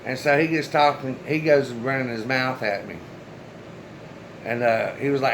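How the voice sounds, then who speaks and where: A man's voice: medium pitch, steady tone, moderate pace, fairly bright tone, low-quality recording. Regular guy spinning a yarn for his viewers, loose and chatty, swears a bit, faint AC hum. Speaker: storyteller, channel host. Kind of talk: casual personal storytelling.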